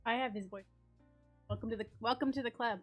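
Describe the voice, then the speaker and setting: A woman's voice: a little high, quick pace, soft background music. A woman joining a casual live chat, teasing and laughing, speaking from farther away than the host without a headset. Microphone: farther from the mic than the host, no headset.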